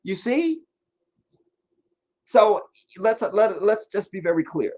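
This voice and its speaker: A man hosting a live stream and answering viewers' comments, talking bluntly and emphatically, dropping to low mutters and rising to insistent points. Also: very animated, takes it slowly, darkish tone. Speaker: livestream host answering chat. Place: sitting in front of a camera for a live stream.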